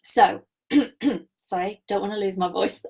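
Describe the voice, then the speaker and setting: Lady coach on a livestream, hyped and spiritual, bit croaky and husky. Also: medium pitch, slow pace, darkish tone, low-quality recording. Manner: enthusiastic, spiritual, reads viewer comments aloud. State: slightly croaky voice. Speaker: business coach. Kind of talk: live-streamed coaching session.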